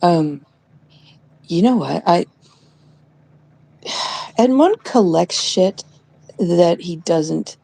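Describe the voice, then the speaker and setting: A woman's voice: lowish voice, expressive, drawn-out words, creaky, long pauses, warm tone, husky. A woman co-hosting a casual chat show, rambling and joking, often dropping to a near whisper. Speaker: co-host.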